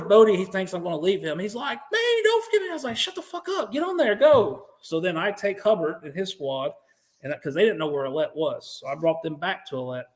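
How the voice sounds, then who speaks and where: American male guest, slightly high voice, animated, swears freely, acts out what others said. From United States. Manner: profane, animated, acts out quotes. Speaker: podcast guest, veteran. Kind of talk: interview storytelling.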